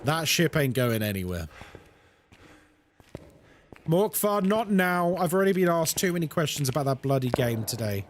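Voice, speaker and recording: A young man streaming a horror game, chatting with his viewers in a jokey, animated way. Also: on the high side, moderate pace, pauses often, slight background noise. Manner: animated and chatty, reads chat aloud, jokey asides. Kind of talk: casual live-stream chat while gaming.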